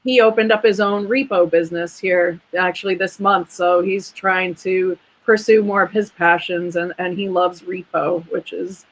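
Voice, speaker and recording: This low-quality recording features a woman guest in a casual interview, a veterinarian and clinic owner. Her voice sits on the low side with fairly even intonation, moving at normal speed with hardly any pauses. She's earnest and chatty and talks proudly about her family.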